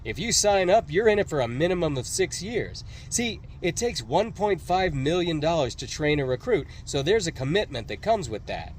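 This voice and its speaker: A swaggering, cold-edged ex-sailor, as a male reader plays him boasts through his past in an audiobook. His tone is sardonic and dismissive, and his voice swings widely in pitch, sitting a little high for a man. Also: sing-song, moderate pace, hardly any pauses, slight background noise. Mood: cocky. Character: cocky, cold ex-Navy man with a secret past.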